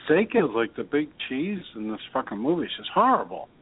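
A man's voice: mid-range voice, very animated, fast, phone-quality sound. A man chatting offhandedly as a podcast co-host, swearing casually. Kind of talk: casual chat.

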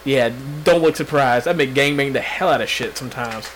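A man's voice: medium pitch, normal speed, fairly bright tone, slight background noise, low-quality recording. A young man co-hosting a casual podcast, brash and heavily profane, with mock-boastful banter. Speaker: podcast co-host. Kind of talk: casual chat.

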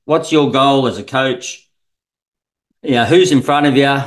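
A man's voice: medium pitch, a little slow, low-quality recording. A man, a swimming coach, talking casually on a podcast in a rambling, unpolished way. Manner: rambling, many fillers and restarts. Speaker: swim coach guest.

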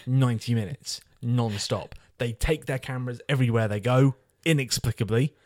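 A man's voice: mid-range voice, moderate pace, a little mellow, no room sound, studio quality. A man ranting and swearing freely while reviewing a film on a casual podcast. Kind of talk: casual chat.

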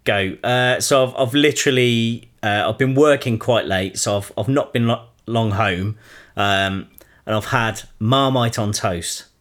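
A man's voice: medium pitch, a little slow, a bit bright. A man co-hosting a podcast in casual chat, with dry, teasing humour. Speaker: podcast co-host.

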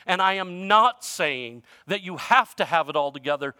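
A male pastor preaching a sermon in a conversational way, using informal grammar, his voice shifting from loud emphasis to quiet. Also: sits high, expressive, normal speed, dry recording, studio quality.

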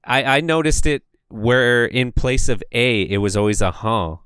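A man co-hosting a casual chat, relaxed and swearing in passing. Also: medium pitch, a little slow, smooth, no room sound, studio quality. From Canada. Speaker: podcast co-host.

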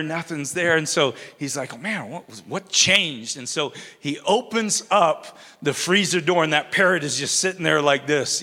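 Middle-aged preacher guy, bright tone, chatty and self-mocking, church hall reverb. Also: fairly high pitch. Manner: conversational preaching with self-deprecating humor. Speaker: pastor. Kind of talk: sermon. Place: church sanctuary. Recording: long reverb of a large hall.

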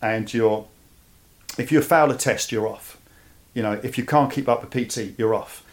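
A man from East London with a Cockney accent, a guest telling his story in a casual interview. He speaks in an animated way and often repeats words as he starts a thought. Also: medium pitch, normal speed. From East London, England. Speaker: guest, army veteran.

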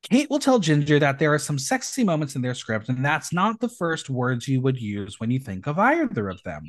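Guy hosting a recap podcast, gossipy and campy, voice bounces all over, a bit high. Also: normal speed. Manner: animated, gossipy, campy asides. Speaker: podcast host recapping a reality show. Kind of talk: casual chat.

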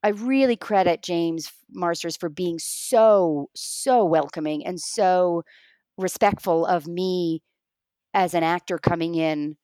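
A middle-aged woman, a guest actor, chatting on a remote interview in an animated way and acting out the lines she quotes. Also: fairly low pitch, slow pace, dry recording. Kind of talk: casual remote interview chat.

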